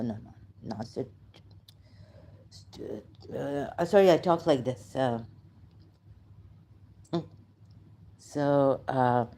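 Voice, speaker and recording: A woman's voice: very deep voice, dark tone, a little hiss or hum. A woman from Pakistan with a Pakistani accent, telling a rambling personal story, switching between English and Urdu, with many fillers and apologies. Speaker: vlogger.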